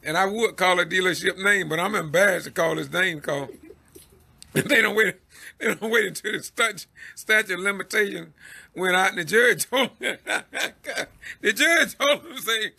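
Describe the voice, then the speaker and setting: A man's voice: high voice, moderate pace, gravelly, pushed and bright. A man from Georgia with a Southern accent, hosting a Facebook Live commentary in a preachy, exhorting way, laughing in exasperation. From Georgia, USA. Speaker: citizen news host.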